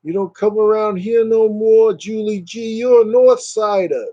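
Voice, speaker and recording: A man voicing a tough male local with a put-on Jersey accent, gruff and mock-scolding. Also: sits high, measured pace, dark tone, muffled recording, voice pushed up.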